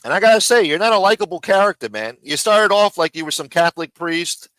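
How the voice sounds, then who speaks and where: A man hosts a live stream and tears into his rivals in an angry, mocking rant full of swearing. His voice sits a little high and rings bright and forceful. He talks around a throat lozenge, and the sound is dry and close. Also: quick pace, no echo, rough recording.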